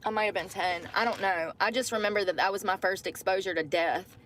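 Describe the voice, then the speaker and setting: A woman's voice: mid-range voice, fairly quick, fairly bright tone, slight background noise. A woman telling a personal story casually to her livestream viewers, calling them y'all. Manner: chatty, addresses viewers as y'all.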